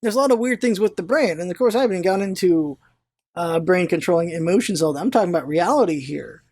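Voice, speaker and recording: A vlogger telling a long personal story in casual, rambling chat, animated, swearing now and then and stumbling over words when excited. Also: medium pitch, fast, no room sound. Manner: animated storyteller, swears, retells own thoughts aloud; restarts and stammers when excited.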